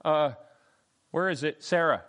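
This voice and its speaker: A man's voice: a little high, a little slow, a bit bright. A middle-aged man leading an interactive Bible study class, calling on students by name with a playful, chatty manner and plenty of fillers.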